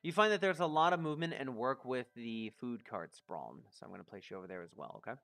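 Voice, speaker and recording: A man's voice: mid-range voice, animated, quick pace, gravelly, fairly bright tone. A man narrating a tabletop game as game master, describing scenes at length with fillers.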